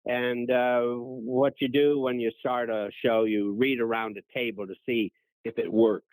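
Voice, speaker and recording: A man's voice: mid-range voice, measured pace, no room sound, poor audio. A man in his eighties, a guest on a radio interview, telling anecdotes in a gracious way. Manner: gracious, anecdotal, animated when quoting others. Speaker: interview guest, former child actor. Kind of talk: storytelling in an interview.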